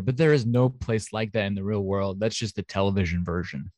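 A man's voice: lowish voice, a little fast, darkish tone, no room sound, clean studio sound. A man co-hosting a podcast in casual chat, talking in a chatty, enthusiastic way with lots of fillers. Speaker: podcast co-host. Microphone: home studio mic.

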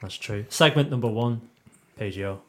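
A man's voice: lowish voice, moderate pace. A man co-hosting a casual podcast chat, joking and riffing on absurd ideas. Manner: jokey, riffs on absurd ideas. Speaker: podcast co-host.

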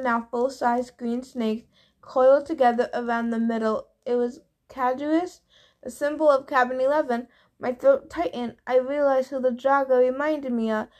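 A woman's voice: high-pitched, a little mellow. A woman reading a novel aloud in the first person, plainly and with small stumbles. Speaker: reader. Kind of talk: audiobook narration of a novel.

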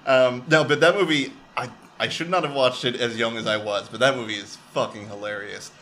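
A man's voice: mid-range voice, steady tone, a little fast, fairly bright tone, a little hiss or hum. A man co-hosting a casual movie podcast, retelling scenes with fillers and laughter. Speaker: podcast co-host.

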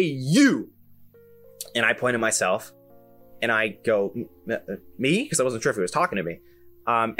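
A young man hosting a podcast, telling a story in an animated, self-amused way with lots of fillers and restarts. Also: medium pitch. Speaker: podcast host. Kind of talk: casual solo storytelling.

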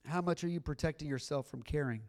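Male pastor, middle-aged, slightly higher voice, earnest conversational sermon delivery. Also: quick pace, darkish tone. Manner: earnest, conversational preaching with rising emphatic bursts.

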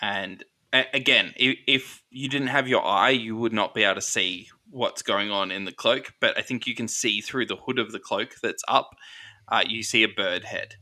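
A man narrating a tabletop game as game master, describing scenes in a measured way. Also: on the low side, bright, forceful tone.

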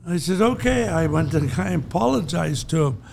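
Older man with a gravelly voice. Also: a little high, fairly quick, darkish tone, slight background noise. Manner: rambling anecdotes, frequent chuckles. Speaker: podcast co-host. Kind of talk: casual storytelling chat.

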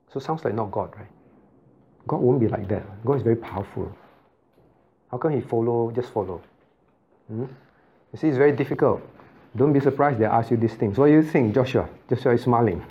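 A man's voice: mid-range voice, breathy edge. A man, a pastor teaching a Bible study who keeps asking the class questions and repeating key points. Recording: dull lo-fi recording.

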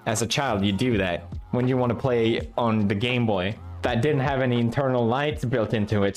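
A young man from Sweden, giving casual, sarcastic and profane reaction commentary as a video host. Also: mid-range voice.

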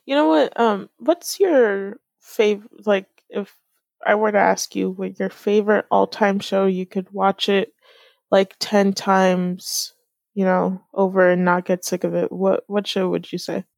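A teenage girl chatting casually on a voice call, relaxed and teasing, laughing often. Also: mid-range voice, a little slow, gravelly, dry recording. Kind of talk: casual chat.

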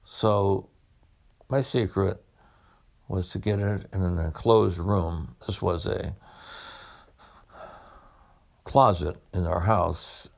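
Deep gravelly man telling his story. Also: a little mellow. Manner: unhurried, reflective, conversational. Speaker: former police officer turned medical student. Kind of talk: personal storytelling.

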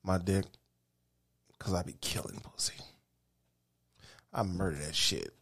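A man's voice: sits low, unhurried, vocal fry, fairly bright tone. A man co-hosting a casual talk show, ranting crudely and heatedly about sports, cursing and repeating himself for emphasis. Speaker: podcast co-host. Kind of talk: profane casual sports rant.

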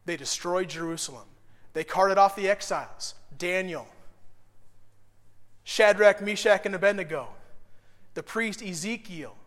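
A young man preaching a Bible lesson, emotional and animated, swinging from loud bursts to hushed asides. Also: sits high, in a large hall. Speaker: pastor. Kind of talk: sermon teaching.

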